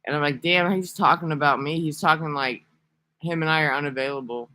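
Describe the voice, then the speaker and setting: Bright-voiced rambling man vlogging. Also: on the high side, fairly quick, a little hiss or hum. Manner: rambling, profane, sarcastic. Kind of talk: casual vlog monologue.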